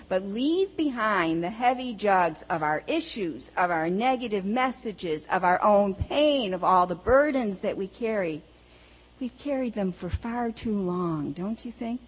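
A woman preaching a sermon, slow and deliberate, earnest as she works through rhetorical questions. Her voice rings with a long hall reverb. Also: mid-range voice, husky. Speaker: pastor or preacher. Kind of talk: sermon with storytelling.

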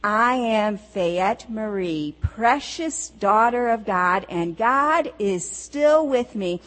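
A woman's voice: a little high, animated, slow, fairly bright tone, long reverb tail. A preacher voicing an exclamatory, joyful woman. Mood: defiant hope. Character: joyful grown woman claiming her faith name.

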